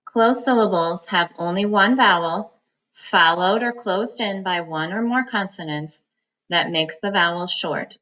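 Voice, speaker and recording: Woman teacher, phonics lesson, bright voice, slightly low pitch, patient, sounds out syllables slowly. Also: low-quality recording. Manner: slow, patient, encouraging, breaks words into sounds. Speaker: reading teacher.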